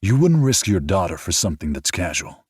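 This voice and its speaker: A man voicing a frank, thoughtful grown man speaking in a measured way. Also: sits low, very animated, husky, no echo, studio quality, voice pushed up, exaggerated voice.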